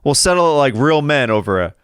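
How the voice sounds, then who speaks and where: A man's voice: medium pitch, big pitch swings, quick pace, fairly bright tone, smooth, dry recording, studio quality. A man hosting a podcast in casual chat, rambling and joking between impressions. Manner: rambling, jokey, slips into impressions. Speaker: podcast host.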